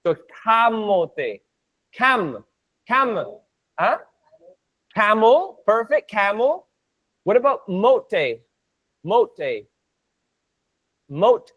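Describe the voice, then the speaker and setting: High-voiced, energetic man teaching a class. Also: takes it slowly, pauses often. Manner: energetic, playful, repeats words for drilling. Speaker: Spanish teacher. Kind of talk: online group class.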